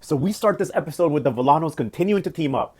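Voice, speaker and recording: A man's voice: a little high, lively intonation. A young man giving a sassy, slangy recap of a soap opera, acting out the characters' lines as he goes. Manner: sassy, slangy, quick retelling with put-on quotes. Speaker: recap vlogger. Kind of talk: casual recap commentary.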